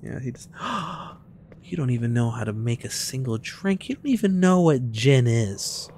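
Excitable trash-talking young man gamer. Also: mid-range voice, measured pace, slight background noise. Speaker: streamer. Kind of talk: casual gameplay commentary.

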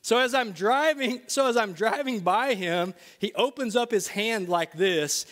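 A middle-aged pastor preaches a sermon to his congregation in the church sanctuary, sharing a personal story conversationally before breaking into emphatic bursts. His voice is high-pitched and fairly bright, with lively intonation and an unhurried pace.

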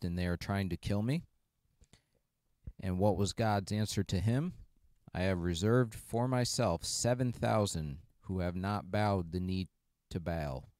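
Man, very deep voice, reading scripture aloud, steady, dry recording. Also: no room sound. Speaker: Bible study participant reading scripture.

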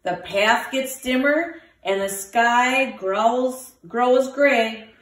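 A woman teacher reading a picture book aloud to children, with lively voices for the animals. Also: fairly high pitch, drawn-out words, distant mic. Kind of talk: storybook read-aloud for children. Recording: roomy, from the mic.

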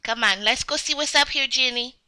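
High, bright, whiny woman playing a kid. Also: fairly quick, clear, resonant tone. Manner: whiny, childlike, excitable. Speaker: game video creator. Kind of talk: playful game role-play as a child.

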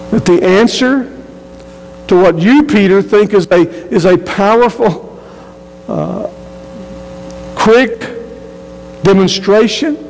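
A male pastor preaching in an earnest, emphatic way, often doubling back on his words. His voice sits a little high for a man and rings out with a long reverb in a church sanctuary. A faint hum runs under it. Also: vocal fry. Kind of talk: sermon.

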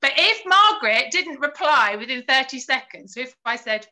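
A woman's voice: sits high, expressive, moderate pace, sharp tone, poor audio. A woman giving encouraging advice to parents in a live Q&A, sometimes acting out what to say to a child. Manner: encouraging, acts out phrases to children. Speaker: early years family support worker.

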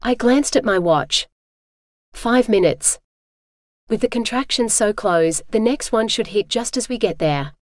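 A woman giving brisk, clear scripted first-person narration for an audiobook. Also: a little high, lively intonation, no room sound, clean studio sound.

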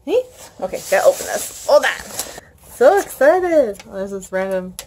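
A woman's voice: mid-range voice, normal speed, a little hiss or hum. Gushing young woman book vlogger. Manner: chatty, gushing, many fillers. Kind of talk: casual vlog chat. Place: at home.

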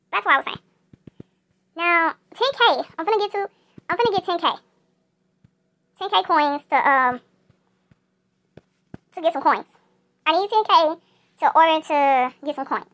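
A woman's voice: extremely high pitch, fairly bright tone. A female YouTuber chatting casually over mobile gameplay, repeating herself and talking straight to her viewers.

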